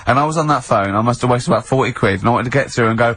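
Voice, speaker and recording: Giggly male radio host with a husky voice. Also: medium pitch, lively intonation, racing, hardly any pauses, fairly bright tone, no room sound. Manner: giggly, often breaks into laughter. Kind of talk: casual comedy radio banter. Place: radio studio. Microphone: studio microphone.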